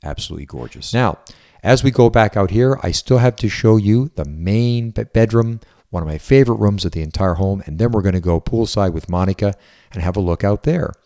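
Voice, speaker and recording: Man, low voice, real estate agent, house walkthrough, upbeat, salesy. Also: fairly quick, mellow. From Southwest Florida resident. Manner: enthusiastic, chatty salesman. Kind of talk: property walkthrough tour. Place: indoors in a house.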